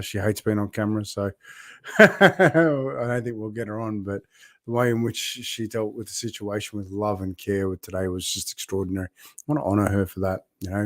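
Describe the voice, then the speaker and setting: A man's voice: on the low side, no echo, clean studio sound. A middle-aged man talking in a heartfelt, rambling way on a casual live video diary, laughing often and greeting viewers by name. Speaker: vlogger and builders' coach.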